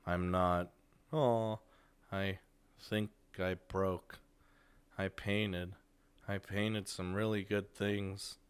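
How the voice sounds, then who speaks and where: A man reading the lines of a lifeless, exhausted teenage girl from a visual novel in a quiet, flat, drained voice. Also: lowish voice, slow pace, pauses often, smooth.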